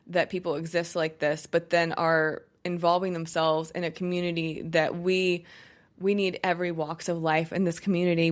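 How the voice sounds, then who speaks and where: A woman hosting a podcast in a casual monologue, speaking with passion and many fillers and restarts. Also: on the low side. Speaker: podcast host.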